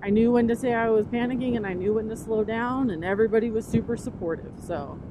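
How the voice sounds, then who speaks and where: A woman talking casually as she rides, excitable and rambling, jumping from thought to thought. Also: a little high, fast talker. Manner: excitable, rambling, easily distracted. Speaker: motovlogger. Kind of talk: casual motovlog while riding. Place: outdoors on a motorcycle. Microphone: helmet-mounted camera mic. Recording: wind and engine noise. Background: road and vehicle noise.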